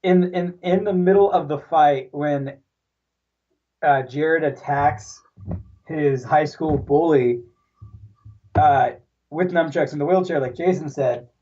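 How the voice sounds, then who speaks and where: A man's voice: fairly high pitch, slow pace, long pauses, mellow. A man co-hosting a casual movie podcast, rambling and restarting as he recalls scenes. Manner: rambling, restarts, laughs along. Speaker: podcast co-host. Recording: dull distant mic.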